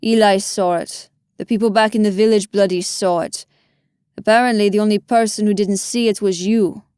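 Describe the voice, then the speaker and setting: A woman voicing a gruff, irritated man who speaks bluntly and scolds, in an audiobook. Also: medium pitch, steady tone, normal speed, darkish tone, dry recording, studio quality, natural voice. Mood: annoyed.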